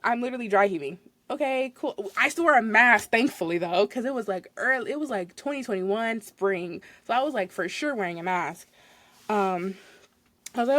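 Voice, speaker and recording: A woman's voice: on the high side, moderate pace, no echo. A young woman hosting a podcast, telling a work story in a casual, exasperated way with frequent laughs. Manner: animated, exasperated retelling with laughs. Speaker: podcast host.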